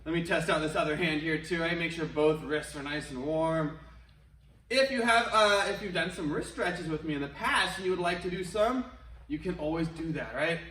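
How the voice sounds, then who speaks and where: A male martial arts instructor with a high, sharp voice teaches an online workout class at a normal speed while wearing a face mask. He stays upbeat and encouraging and slips in chatty asides. The room echoes, and he stands set back from the microphone.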